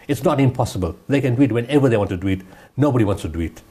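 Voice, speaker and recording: A man's voice: mid-range voice, lively intonation, racing, mellow, slightly rough. A man giving impassioned interview answers, emphatic and repeating his points. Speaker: guest humanitarian speaker.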